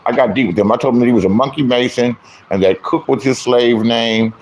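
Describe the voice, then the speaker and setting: A man's voice: medium pitch, brisk, a little mellow, a little hiss or hum. A middle-aged man ranting in a crude, boastful storytelling style, acting out other people's lines in mocking voices. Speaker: online commentator, self-styled comedian and troll. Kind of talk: profane storytelling rant.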